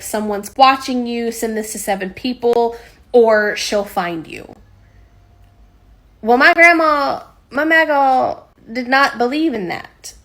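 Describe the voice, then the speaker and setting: A woman telling a rambling, animated story. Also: a little high. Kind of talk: casual story time.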